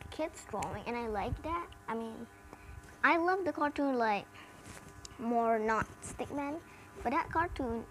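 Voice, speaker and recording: A woman's voice: high-pitched, low-quality recording. A woman with an American accent chatting casually in a review video, rambling with many "like" fillers. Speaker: cartoon reviewer. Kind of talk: casual chat.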